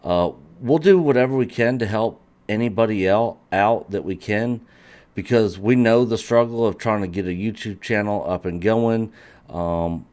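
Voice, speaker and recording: A man co-hosting a casual livestream, speaking earnestly in halting phrases and repeating words as he restarts. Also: on the low side, a little mellow. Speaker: livestream host.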